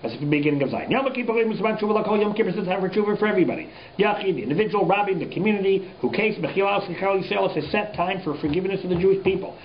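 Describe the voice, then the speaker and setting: A man teaching a rabbi's class to students, lively and full of rhetorical questions. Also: sits high, very fast, few pauses, a little hiss or hum. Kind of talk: informal Torah lecture. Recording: echoey room, dull lo-fi sound.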